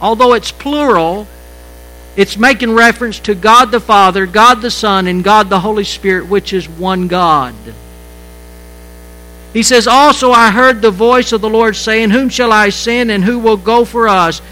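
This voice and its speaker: A man preaching a sermon as pastor, halting and repeating words, shifting between quiet stretches and emphatic lines. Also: sits high, low-quality recording.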